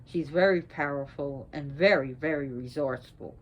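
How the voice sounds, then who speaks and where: A woman speaking as a priestess, sick and short of breath, talking in a slow, halting way with restarts. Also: deep voice, lo-fi sound. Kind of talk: spoken talk on mythology.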